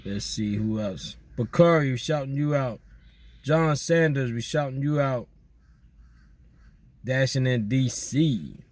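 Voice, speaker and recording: A man chatting casually outdoors at night, giving relaxed, slangy shout-outs to his listeners. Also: mid-range voice, slow, long pauses. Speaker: vlogger doing viewer shout-outs. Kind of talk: casual chat.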